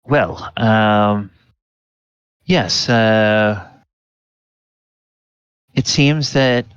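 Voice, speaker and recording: A woman's voice: a bass voice, smooth, no room sound, highs cut off, exaggerated voice. A man voicing a prim, flustered woman clerk who is fussy about documents, talking hesitantly with stammers in a tabletop game.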